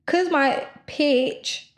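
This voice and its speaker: A young woman co-hosting a podcast, talking loudly and quickly in a rambling casual chat full of fillers. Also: high-pitched. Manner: loud, fast rambling with many fillers. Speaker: podcast co-host.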